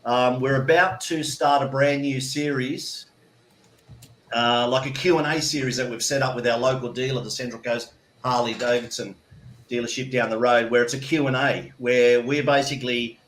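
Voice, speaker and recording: A man's voice: medium pitch, steady tone, normal speed, a bit bright. A man in his fifties with an Australian accent, chatting as a guest in a rambling way with many restarts. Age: 50s. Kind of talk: casual chat. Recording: echoey room.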